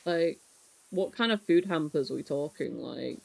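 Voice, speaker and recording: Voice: medium pitch, lively intonation, moderate pace, gravelly. A streamer chatting casually with viewers from home, teasing, swearing and laughing often. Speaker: live streamer. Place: home, with a pet rabbit.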